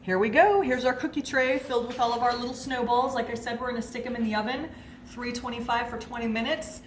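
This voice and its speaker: A woman's voice: a little high, fairly even intonation, fast, roomy sound, slight background noise. A woman hosting a casual home cooking video, talking as she works and chatting while she eats. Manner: chatty, talks while eating. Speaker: host.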